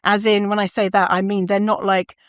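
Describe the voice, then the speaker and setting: A woman's voice: medium pitch, level tone, fairly quick, no room sound, clean studio sound. A woman hosting a casual solo podcast. She talks candidly, swears freely and laughs often. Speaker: podcast host.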